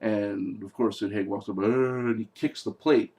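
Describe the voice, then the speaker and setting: A man's voice: lowish voice, steady tone, unhurried, darkish tone. A man giving a casual spoken movie review, sarcastic and exasperated, rambling with fillers and restarts.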